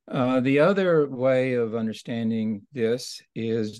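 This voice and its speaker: A man's voice: medium pitch, steady tone, slow pace, hardly any pauses, a little mellow, dry recording. Man explaining scripture in conversation. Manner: thoughtful, explanatory, with frequent restarts. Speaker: Bible study teacher. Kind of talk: conversational Bible study discussion.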